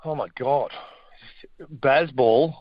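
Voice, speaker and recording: A middle-aged man with an Australian accent, a guest chatting casually about sport in a blokey, animated way. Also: medium pitch, extremely slow, muffled recording. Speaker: guest, former rugby player and radio host.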